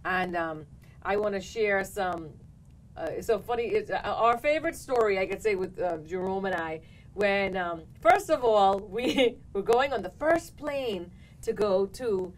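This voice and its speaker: A woman hosting a talk show, telling a story in an animated way and acting out what people said. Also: medium pitch, measured pace, rough recording. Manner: animated, laughing, acts out quotes. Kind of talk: casual storytelling chat.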